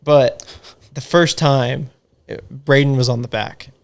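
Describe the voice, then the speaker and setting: Slow and medium-pitched with vocal fry, a young adult podcast guest keeps an even intonation while laughing through rambling, profanity-laden party tales in casual conversation.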